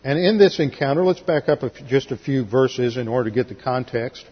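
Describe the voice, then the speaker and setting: A man's voice: medium pitch, animated, a little fast, slightly rough. A man teaching a Bible class in a methodical way, walking through verses with dry asides, in a church sanctuary. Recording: lo-fi recording, long hall reverb.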